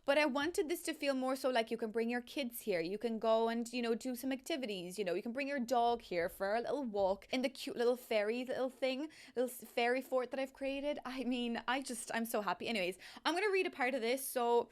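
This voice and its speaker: Bubbly woman, slightly high voice. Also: animated, a little fast, hardly any pauses. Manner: bubbly, gushing, laughing, rambling. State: emotional, close to tears. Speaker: YouTuber, game builder. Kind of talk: excited casual vlog chat.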